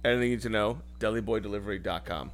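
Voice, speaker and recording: A man as a guest in a casual chat, easygoing and quick to laugh, sometimes hesitant. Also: on the low side. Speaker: podcast guest.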